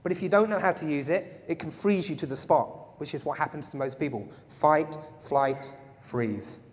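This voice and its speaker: A man teaching a live self-defense class, his voice a bit high for a man. He jokes with the group and keeps quizzing them. The sound rings through a large hall with a long reverb. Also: normal speed. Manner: playful, jokey, asks the audience questions. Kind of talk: live workshop lecture to a group. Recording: echoey hall.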